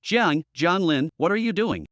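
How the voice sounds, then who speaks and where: A man's voice: on the high side, animated, unhurried, fairly bright tone, dry recording, clean studio sound. A man voicing a vain, scheming young woman who talks in a whiny, pleading way. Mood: shocked.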